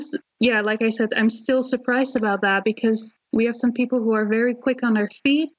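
A woman co-hosting a casual podcast discussion, enthusiastic and quick to laugh. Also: fairly high pitch, no room sound, poor audio. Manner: giggly, enthusiastic, laughs often. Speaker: podcast co-host.

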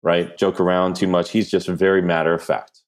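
A man with a New Jersey accent, a podcast guest giving animated, self-deprecating answers in casual conversation. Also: low voice, normal speed. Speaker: podcast guest, brand strategist.

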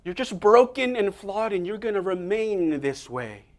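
A man playing a scornful crowd member who shouts down blind beggars in a sermon. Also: high-pitched, very animated, a little slow. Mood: jeering. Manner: shouting, contemptuous.

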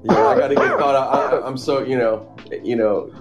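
Easygoing guy chatting, music playing clearly behind him. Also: medium pitch, moderate pace, muffled recording. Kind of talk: casual chat.

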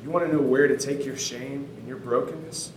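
A man's voice: medium pitch, fairly even intonation, a little fast, a little mellow, slight background noise. A man in his thirties, a pastor telling a story in a sermon, conversational and earnest with casual fillers. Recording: roomy sound from a distant mic.

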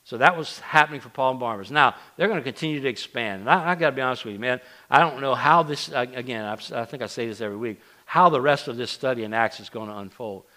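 Bright-voiced man preaching a casual sermon. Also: medium pitch, fast, hardly any pauses. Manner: conversational, self-deprecating, frequent restarts and asides to the congregation. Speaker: pastor. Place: church sanctuary.

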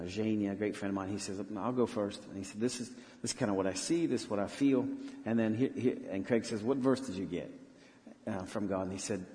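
Earnest mellow-voiced man in a reverberant hall. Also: on the low side. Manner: earnest, halting, many restarts. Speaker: missionary pastor. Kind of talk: storytelling in a church interview.

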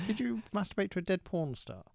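A man co-hosting a casual podcast, riffing crude jokes with quick asides. His voice is slightly high and gravelly, with lively pitch swings, recorded close and dry. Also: dry recording. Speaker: podcast co-host. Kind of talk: casual comedic chat.

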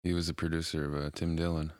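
A man's voice: rumbling low, flat delivery, fast, a little mellow. A man co-hosting a podcast, chatting casually and dropping dry wisecracks. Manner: dry wisecracks, laughs often. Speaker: podcast co-host. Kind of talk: casual chat.

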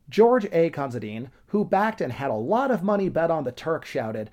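A man's voice: a little high, very animated, normal speed, few pauses, a little mellow. A man hosting a history podcast, narrating with wry, sarcastic asides. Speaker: podcast host.

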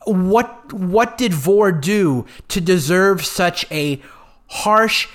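Solo podcast host, male, fairly high voice, earnest and opinionated, rambles through fillers. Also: very slow, a bit bright.

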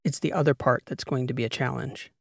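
A man reading an audiobook voices a composed female spy handler in a measured, matter-of-fact way. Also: medium pitch, fairly even intonation, vocal fry, dry recording, studio quality. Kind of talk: audiobook character voice.

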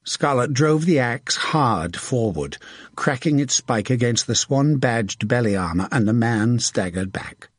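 Audiobook narrator, man, husky and steady, dry close recording. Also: medium pitch, a little slow, no echo. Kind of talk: scripted narration.

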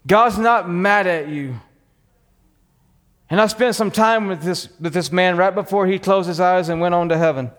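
A Texan man preaches in a high, ringing voice, full of fire and conviction. His words carry a long echo through a church hall. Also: brisk, few pauses. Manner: passionate, fiery preaching. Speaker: pastor. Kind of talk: sermon.

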